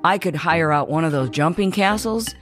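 An overly chipper dad, bright and bouncy, his voice lifted well above a plain speaking tone, as a storybook narrator plays him. Soft music hums under the reading. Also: a little high, normal speed, pitched above the performer's own voice, natural voice. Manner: cheery, upbeat.

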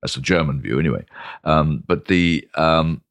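An older British man, a guest in an interview, telling lively anecdotes full of ums and restarts. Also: a bass voice, moderate pace, vocal fry, dry recording. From Britain. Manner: animated, lots of ums and restarts. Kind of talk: anecdotal storytelling.

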